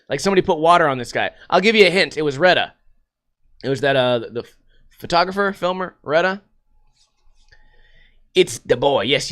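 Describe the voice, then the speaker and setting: A man's voice: fairly high pitch, bright, forceful tone, smooth. A man hosting a casual solo podcast, rambling and swearing a lot and laughing often. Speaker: podcast host.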